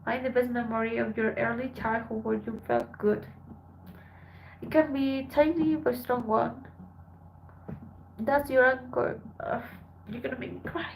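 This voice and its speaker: A tired woman from Colombia, a Spanish speaker, chatting softly with her live-stream viewers as she reads their messages aloud. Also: on the high side, fairly even intonation, unhurried, vocal fry, long pauses, a little hiss or hum, rough recording. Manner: soft, subdued, switching between English and Spanish. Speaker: live streamer reading chat. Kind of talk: casual live-stream chat.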